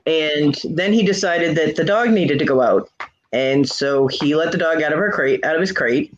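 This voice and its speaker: A woman's voice: low-pitched, moderate pace, slight background noise. A middle-aged woman telling a funny family story in a casual chat, laughing often and acting out the quoted voices. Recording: dull lo-fi live stream audio.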